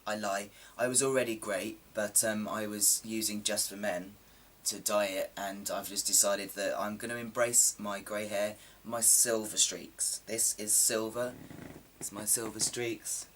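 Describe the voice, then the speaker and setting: A man's voice: on the low side, steady tone, a little slow, fairly bright tone, far from the mic, a little hiss or hum. A man in casual chat to camera, rambling and self-deprecating with plenty of ums, his voice a little coarse from a sore throat. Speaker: vlogger.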